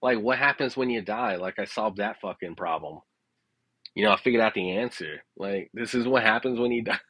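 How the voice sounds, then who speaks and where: A man with a somewhat low voice spins a casual, rambling story, swearing freely and often asking "you know what I'm saying?" He talks loosely and conversationally and chuckles at his own anecdote. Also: brisk, bright, forceful tone, husky, no echo.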